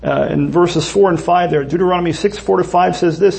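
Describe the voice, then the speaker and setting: A man's voice: sits high, fairly quick, gravelly, few pauses, darkish tone. A man preaching a sermon as pastor, earnest and emphatic, often restarting his phrases.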